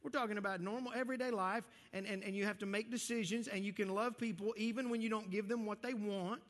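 A man with a fairly high voice preaches to his congregation as their pastor. He talks in a lively, conversational way, often restarting his sentences. His voice rings out with a long reverb from a big church hall. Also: fast talker. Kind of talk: sermon.

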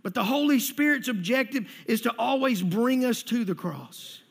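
A man's voice: very high voice, expressive, normal speed, creaky, fairly bright tone, breathy edge, long reverb tail. A male pastor preaching a sermon in a church, conversational, repeating words and asking the congregation questions.

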